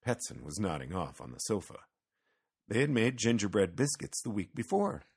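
A man narrates a children's storybook aloud in a low, husky voice at a moderate pace. His telling is lively and expressive, with wide rises and falls in pitch.

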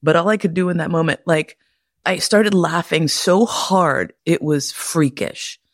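A woman hosting a podcast, telling candid personal stories in a profane, animated way and laughing often. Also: fairly low pitch, unhurried, no echo, studio quality. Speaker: podcast host. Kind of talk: candid personal storytelling monologue.

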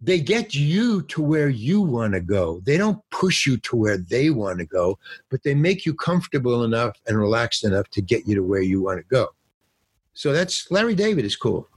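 Husky older man telling lively stories. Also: medium pitch, moderate pace, no echo. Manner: rambling anecdotes, acts out quotes. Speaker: actor and guest. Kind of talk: casual storytelling interview.

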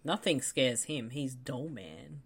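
A woman's voice: extremely low pitch, animated, takes it slowly, husky. A woman co-hosting a podcast, joking and chatting casually about a movie. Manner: playful, teasing quips, laughs often. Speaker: podcast co-host. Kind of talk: casual movie commentary chat.

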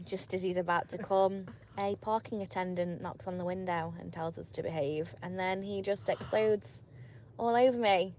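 A woman telling a frank story in a relaxed, measured way in a voice note she sent to a podcast. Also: fairly low pitch. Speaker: listener sending a voice note. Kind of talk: casual recorded voice note, storytelling. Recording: voice note with faint background noise.

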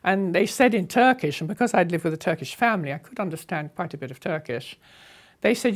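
A woman in her eighties, unhurriedly telling a story from her past as an interviewee, with a wry touch and soft laughs. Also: lowish voice, animated, a little fast. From England. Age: 80s. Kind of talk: reminiscing storytelling.

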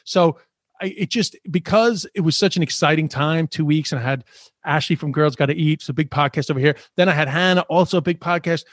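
A man's voice: on the high side, a little fast, dry recording, studio quality. A man hosting a podcast, chatting casually, swearing a lot and ranting with energy. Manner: swears constantly, animated ranting. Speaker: podcast host.

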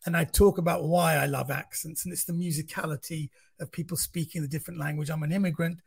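A man in his fifties with a London accent, a comedian telling stories in a lively, casual chat full of restarts. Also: a little high, fast talker, vocal fry, breathy edge. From central London. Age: 50s. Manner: animated storytelling with many restarts. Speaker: comedian guest.

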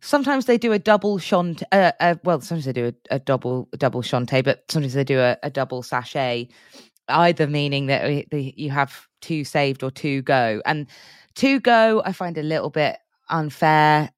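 A woman's voice: deep voice, normal speed, no room sound. British woman cohosting a podcast, bouncy up-and-down voice, giggly and chatty, dry sound. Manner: chatty, animated, laughs often, tries silly impressions. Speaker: podcast co-host. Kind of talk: casual chat.

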